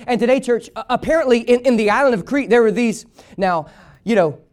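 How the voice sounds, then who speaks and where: A man preaches to his congregation in a church. His voice sits high for a man, and he drives his points home by repeating phrases and having the church read lines back with him. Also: fairly quick. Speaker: pastor. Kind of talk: sermon. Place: church sanctuary.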